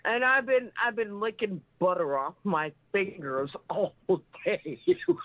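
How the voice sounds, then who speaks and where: A woman in her sixties calling into a talk show, rambling excitably and swearing freely. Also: mid-range voice, measured pace, no room sound. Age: 60s. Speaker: caller. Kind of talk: casual phone-in chat. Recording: tinny phone line, dry.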